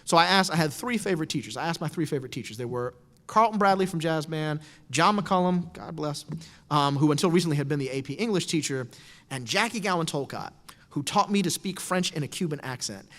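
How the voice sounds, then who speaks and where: This talk features a middle-aged man with a slightly high voice, speaking fairly quickly as he relays a wry personal story. He's animated and uses quoted voices, and the lecture hall adds a long reverb.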